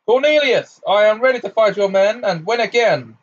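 A man doing a grave old wizard, commanding and steady, from a muffled home mic. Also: mid-range voice, natural voice. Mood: thunderous. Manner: measured, then thunderous. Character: commanding elderly male wizard, calm authority.

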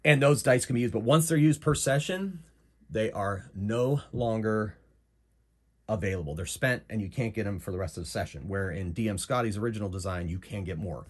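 A man runs a solo tabletop game in a chatty, rambling way, full of fillers. His voice is deep and low-pitched, with a husky edge. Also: brisk. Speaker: game master.

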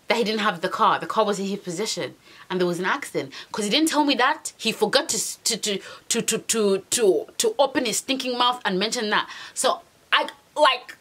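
A woman's voice: mid-range voice, animated, moderate pace, fairly bright tone, slightly rough. A young British woman telling a dramatic story in an exasperated, slang-heavy way. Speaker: vlogger. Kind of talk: storytime monologue.

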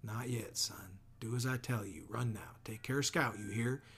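A man reading as a calm, gentle father who gives steady, firm instructions, in a gravelly, husky voice. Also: fairly low pitch, normal speed, full character voice.

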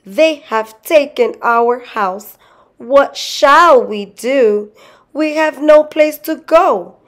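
Woman reading as a fretful tiny wife, high and pleading. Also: very animated, takes it slowly, exaggerated voice. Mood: sobbing. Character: anxious tiny middle-aged wife, bird-winged.

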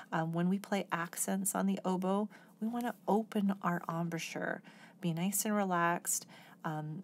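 Patient woman teaching oboe, lowish voice. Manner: patient, explanatory, sings example phrases. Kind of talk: instructional music lesson.

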